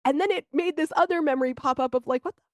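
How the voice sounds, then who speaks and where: A woman co-hosting a podcast, telling candid, animated stories in casual chat and swearing now and then. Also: high-pitched, very fast, no echo. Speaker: podcast co-host.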